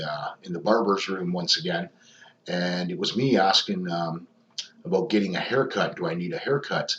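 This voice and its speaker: Brief: low-pitched male paranormal investigator, rambling casual narration, echoey muffled recording. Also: fairly bright tone. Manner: rambling, many ums and restarts. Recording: echoey, dull lo-fi sound.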